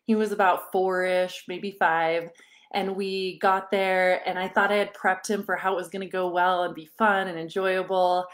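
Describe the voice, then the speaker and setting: A woman in her thirties coaching parents in a live online session, talking casually to her audience. She tells stories with frequent little laughs. She slips into animated voices when she quotes people. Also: fairly low pitch, moderate pace. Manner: warm, chatty storytelling with frequent laughs.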